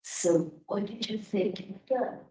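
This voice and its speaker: A woman interviewer asking slow, probing, halting questions on a recording. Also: mid-range voice, warm tone. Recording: distant mic in an echoey room.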